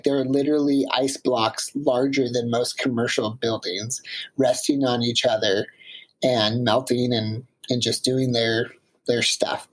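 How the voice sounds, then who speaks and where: A man in his thirties, a climber and guest, telling a story in a casual, animated and emphatic way. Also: medium pitch, husky, rough recording. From Washington State, USA.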